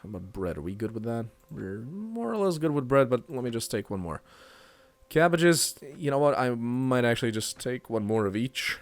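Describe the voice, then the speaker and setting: A man's voice: medium pitch, very animated, moderate pace, no room sound. A man giving casual let's play commentary, chatty and thinking aloud while he plays. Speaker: gaming youtuber.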